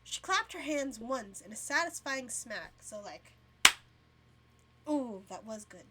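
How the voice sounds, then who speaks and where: A woman's voice: a little high, animated, takes it slowly, heavy background noise. A young woman streamer reading a story game aloud, casual and yawning, laughing between lines.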